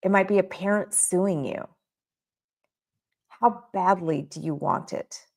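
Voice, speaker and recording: A woman's voice: fairly low pitch, takes it slowly, vocal fry, a little mellow. A woman coaching child care business owners in a motivational talk, emphatic and full of repeated rhetorical questions.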